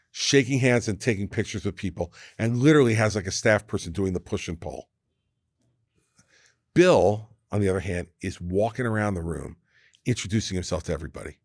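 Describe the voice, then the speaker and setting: A New man in his sixties spins political war stories as a podcast guest. He acts out everyone he quotes and often doubles back mid-sentence. His voice sits on the low side and is recorded dry and close. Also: no echo. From New Jersey, USA. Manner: animated anecdote teller who acts out quoted people, with frequent restarts. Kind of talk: casual storytelling in conversation.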